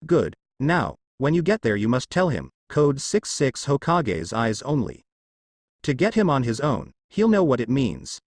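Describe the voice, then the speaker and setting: A man reading a calm ninja father. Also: medium pitch, no room sound, clean studio sound. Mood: serious. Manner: explanatory, measured.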